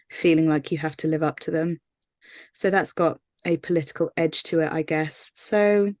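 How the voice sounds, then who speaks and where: Woman singer-songwriter, low flat delivery, thoughtful and earnest, dry recording. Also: no echo. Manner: earnest, thoughtful, many fillers and restarts. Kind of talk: casual interview answers.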